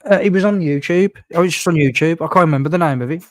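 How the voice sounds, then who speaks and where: A man's voice: on the high side, very fast, no room sound, clean studio sound. A man hosting a casual podcast chat, rambling with lots of fillers and acting out what others said. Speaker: podcast host.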